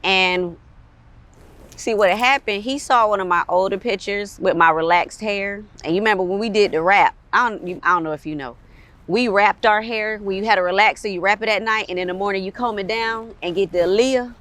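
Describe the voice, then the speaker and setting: Animated woman telling stories in an interview. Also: mid-range voice, brisk. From Caribbean background. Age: adult with a son. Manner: animated, laughs often, quotes others. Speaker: interview guest, artist and model. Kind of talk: casual interview storytelling.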